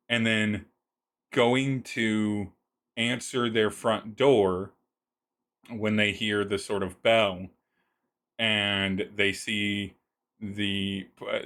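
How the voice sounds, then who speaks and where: Low-voiced man narrating as game master. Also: a bit bright. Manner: descriptive, halting, with many restarts.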